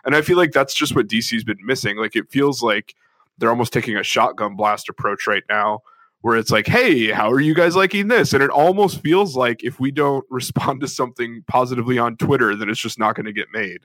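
A man's voice: medium pitch, a little fast, fairly bright tone, no room sound. A man co-hosting a casual podcast, rambling along with lots of fillers. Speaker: podcast co-host.

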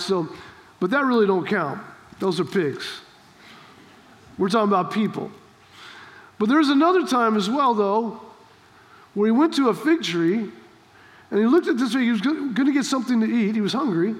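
A pastor preaching an emphatic sermon, full of rhetorical questions and rising to shouts. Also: male voice, very high-pitched. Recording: long hall reverb.

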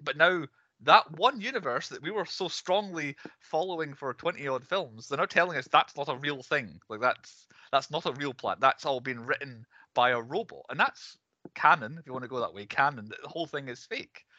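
A man's voice: on the high side, animated, pushed and bright, no echo, highs cut off. A man co-hosting a casual podcast, ranting with strong opinions about films and shows. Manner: opinionated, ranting, fast asides. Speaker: podcast co-host. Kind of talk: casual ranting film chat.

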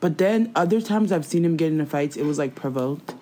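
A young woman co-hosting a casual chat, animated and slangy, laughing often. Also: low voice, fairly quick.

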